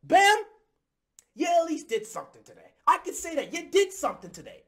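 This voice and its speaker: A man with a notably high-pitched voice rants about his basketball team's loss. He sounds heated and exasperated and keeps breaking into bursts of shouting. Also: very animated, fairly quick. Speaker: sports commentator. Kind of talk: angry fan rant.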